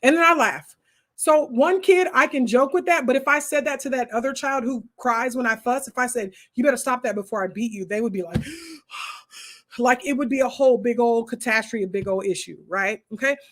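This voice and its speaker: A woman hosts a relaxed homeschooling chat, talking right to her viewers. Her voice sits a little high, and she drifts into frequent side remarks and jokes. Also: fairly quick. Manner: animated, talks straight to viewers with many asides. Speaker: homeschooling host answering viewer comments. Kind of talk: casual livestream chat.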